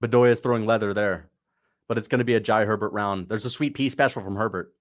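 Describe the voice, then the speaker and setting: A man hosting a casual livestream, reacting to a fight as it happens and talking to his chat, breaking into excited shouts at big moments. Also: lowish voice, fast talker. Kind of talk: casual live commentary.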